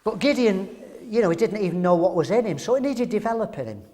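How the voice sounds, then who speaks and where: A man's voice: high voice, very animated, fast talker, a little mellow. An older man from England preaching a sermon, emphatic and full of rhetorical questions.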